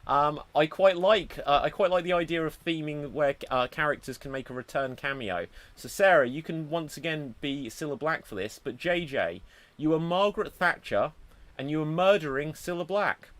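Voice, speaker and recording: An upbeat man who hosts a live improv show, laughing easily between his announcements. His voice sits fairly high for a man. He is heard over a video call. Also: moderate pace, fairly bright tone, no echo. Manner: upbeat, giggly, running the show. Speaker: host.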